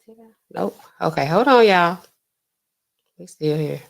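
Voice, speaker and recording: A woman's voice: fairly low pitch, lively intonation, unhurried, vocal fry. Chatty woman livestreaming news commentary. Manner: chatty, addresses the chat directly. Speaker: livestream host. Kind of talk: casual livestream commentary, reading news aloud.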